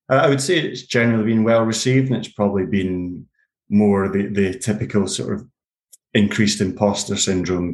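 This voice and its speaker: A man with an Edinburgh Scottish accent answers questions as a podcast guest. His voice is on the low side, and the room gives it a noticeable echo. He speaks haltingly, repeating words as he works out his thoughts. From Scotland. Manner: halting, repeats words while thinking aloud. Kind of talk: conversational interview answers.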